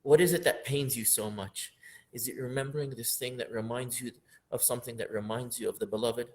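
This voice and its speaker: A man teaching a lesson on a classical poem, earnest, repeating phrases for emphasis and rising sharply in pitch when he acts out the inner voice. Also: fairly even intonation, fairly quick, darkish tone. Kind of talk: lecture explaining classical poetry.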